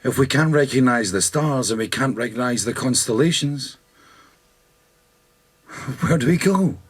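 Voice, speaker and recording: A man playing a husky, lost Scottish Highlander. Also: lively intonation, unhurried. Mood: bewildered. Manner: searching, wondering ad-lib speech. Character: lost, bewildered Highlander man adrift in space. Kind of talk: rock opera spoken ad-lib.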